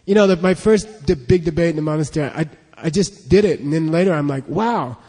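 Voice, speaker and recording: A man teaching a language class leads a pronunciation drill, patiently giving syllables for students to echo back. His slightly high voice is mellow and quick-paced, and the recording has a long hall reverb.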